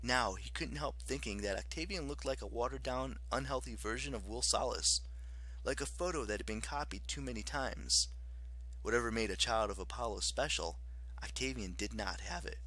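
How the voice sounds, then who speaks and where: A man narrating an audiobook in an expressive, dramatic way. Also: mid-range voice, normal speed, slightly rough.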